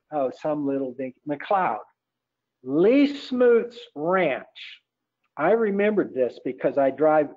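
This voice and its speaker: A man, a portrait photographer being interviewed, telling a rambling anecdote and acting out the dialogue he quotes. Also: a little high. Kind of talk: casual anecdotal storytelling. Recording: tinny phone-like line.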